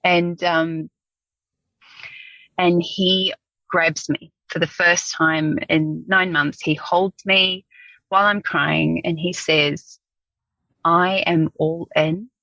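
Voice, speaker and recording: Candid low-voiced woman telling her story. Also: steady tone, slow pace, gravelly, bright, forceful tone, no echo, highs cut off. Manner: reflective, open, frequent ums. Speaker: podcast guest.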